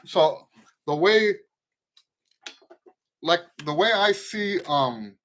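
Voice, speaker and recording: A man's voice: sits high, animated, very slow, a bit bright. A middle-aged man teaching trumpet in a live question-and-answer stream, talking loosely through his points and singing out tonguing syllables. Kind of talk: casual spoken lesson with playing demonstrations.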